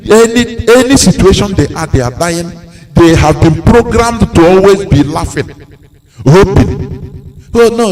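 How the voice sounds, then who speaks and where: Nigerian male radio presenter, high-pitched, preachy talk, mimics quoted voices. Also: darkish tone, low-quality recording. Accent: Nigerian English. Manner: preachy, acts out quoted voices, laughs often. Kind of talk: live radio talk commentary.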